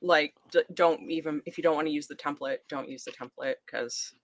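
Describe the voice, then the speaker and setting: A woman's voice: low-pitched, fairly quick, dry recording. A woman co-hosting a casual live stream, gushing enthusiastically and giggling often. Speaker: co-host.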